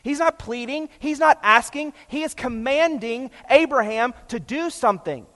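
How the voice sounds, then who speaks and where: A man preaching a sermon, passionate and emphatic, swinging between loud and hushed. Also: extremely high pitch, animated, normal speed, big-room sound. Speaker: pastor.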